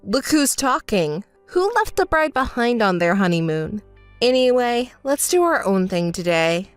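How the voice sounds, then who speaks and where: A woman's voice: on the high side, sing-song, a little slow, clear, resonant tone, no room sound, faint music behind. A woman voicing a hurt, indignant young bride in a text story, scolding and sarcastic. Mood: cold.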